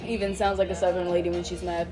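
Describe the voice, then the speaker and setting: A woman's voice: fairly low pitch, flat delivery, fast, over music. A young woman hosting a casual podcast, telling stories animatedly with frequent swearing and laughter. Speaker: podcast host. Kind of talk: casual chat.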